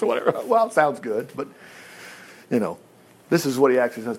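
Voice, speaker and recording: A man's voice: medium pitch, fast, slightly rough. A male Baptist pastor, telling a Bible story in a folksy, joking sermon. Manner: folksy, animated storytelling, jokes.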